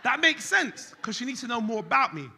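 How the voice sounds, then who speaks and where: A man, performing a stand-up comedy set on stage, animated and switching between loud outbursts and quiet acted-out dialogue. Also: very high-pitched, brisk, vocal fry, a little hiss or hum. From England. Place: concert hall stage before a live audience.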